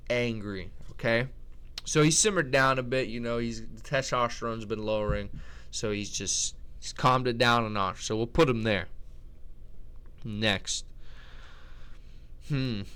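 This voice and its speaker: A man with a mid-range, somewhat bright, clean voice ranks fighters as an MMA commentator in a casual chat. His commentary is blunt, slangy, opinionated, and full of trash talk, and he often restarts his sentences.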